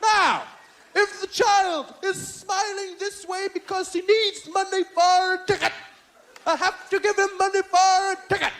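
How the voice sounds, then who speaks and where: A man's voice: steady tone, fairly bright tone, exaggerated voice. A man doing a prissy scolding father. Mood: prim. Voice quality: high, prissy, drawn-out. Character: prim, fussy middle-aged father scolding over filth.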